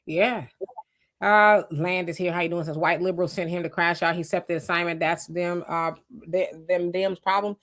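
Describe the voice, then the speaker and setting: Woman host reading live chat aloud, casual, quick to react, restarts often. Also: lowish voice, fairly even intonation, a bit bright. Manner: chatty, greets commenters, frequent restarts and laughs.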